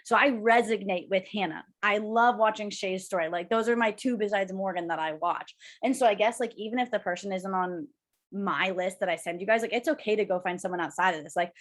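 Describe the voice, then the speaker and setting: A woman's voice: mid-range voice, brisk, fairly bright tone. A young woman co-hosting a casual chat, rambling and gushing with emotion. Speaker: co-host.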